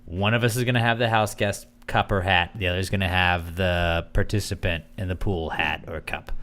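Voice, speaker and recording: A man's voice: low-pitched, fairly even intonation, moderate pace, fairly bright tone. A man co-hosting a podcast in loose casual chat, rambling with lots of fillers and swearing. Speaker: podcast co-host.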